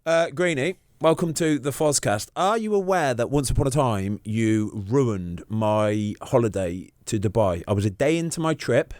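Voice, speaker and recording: A man's voice: mid-range voice, lively intonation, moderate pace, few pauses, a little mellow, no room sound, soft background music. A man in his forties hosting a podcast, teasing his guest and laughing often in casual chat. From England. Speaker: podcast host.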